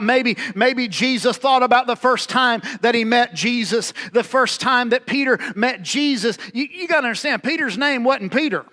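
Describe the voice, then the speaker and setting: Male pastor, very high voice, dramatic sermon delivery that swings from loud bursts to near-hush. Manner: dramatic preaching, acting out quoted dialogue with swings in loudness.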